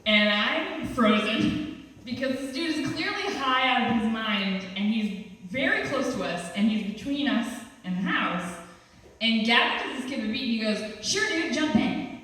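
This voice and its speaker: A young woman telling a story live on stage, animated and laughing as she acts out the other people's lines. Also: fairly high pitch, moderate pace. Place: small cultural center hall with a small audience. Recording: echoey hall, distant mic, faint hiss.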